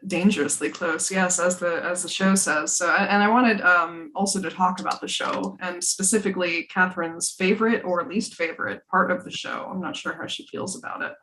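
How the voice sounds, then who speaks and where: A woman hosting a podcast in casual chat, searching for words with many halting restarts. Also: lowish voice, steady tone, fairly bright tone, a little hiss or hum. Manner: halting, full of fillers and restarts. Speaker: podcast host.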